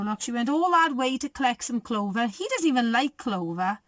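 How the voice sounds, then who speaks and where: A woman's voice: a little high, sing-song, normal speed, dry recording. A woman, a primary school teacher reading a picture book aloud and asking the children questions. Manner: warm, encouraging, asks children questions.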